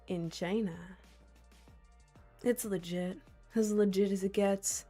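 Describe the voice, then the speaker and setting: A woman's voice: medium pitch, steady tone, slow, pauses often, warm tone, soft background music. A young woman livestreaming, chatting casually and reading out viewers' comments with frequent laughs. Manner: rambling and giggly, reading out chat.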